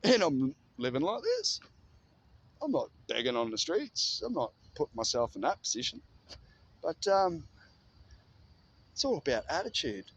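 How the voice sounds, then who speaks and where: A man in casual motivational storytelling, animated and freely swearing. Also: fairly high pitch, normal speed, creaky, long pauses, husky.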